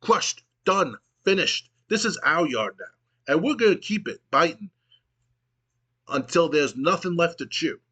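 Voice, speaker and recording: Guy doing a snarly wrestler talking trash, higher and louder. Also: lively intonation, a little slow, slightly rough, full character voice. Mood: taunting. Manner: snarling insults. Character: second tough male wrestler, snarling and crude.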